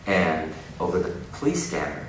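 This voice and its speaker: Male keynote speaker, low voice, lively storyteller, distant mic in a noisy, echoing hall. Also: moderate pace, vocal fry. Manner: animated storytelling with frequent laughs. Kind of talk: inspirational keynote talk. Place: large conference hall.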